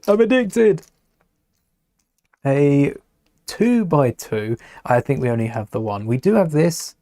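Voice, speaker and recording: A man chats loosely through a live stream while building, trailing off into mutters and then answering viewers. His voice sits at an everyday middle pitch. The sound is dry and close, with no room echo. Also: sing-song, a little slow, warm tone. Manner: rambling, chatty, mutters to himself and greets chat.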